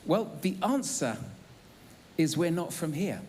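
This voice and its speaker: A middle-aged Englishman preaches in a relaxed, conversational way, dropping in ums and small jokes. His voice sits high for a man and swings up and down with lively expression. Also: slow. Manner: chatty and humorous, with frequent ums and uhs. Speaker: pastor. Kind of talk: sermon. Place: church auditorium.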